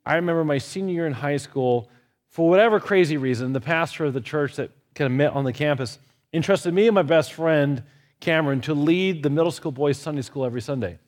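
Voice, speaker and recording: Man, slightly high voice, relaxed Bible study teacher who is anecdotal and lightly humorous. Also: a little fast.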